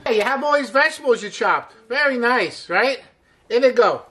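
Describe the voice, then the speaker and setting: A man's voice: extremely high pitch, animated, normal speed, sharp tone, slight background noise. A middle-aged man hosting a cooking show as a chef, chatty and upbeat, walking through a recipe step by step with frequent exclamations. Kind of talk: casual cooking demonstration.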